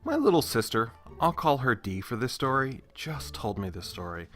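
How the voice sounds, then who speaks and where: A man hosting a story channel, reading online stories aloud with expressive, exasperated asides. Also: medium pitch, normal speed, soft background music.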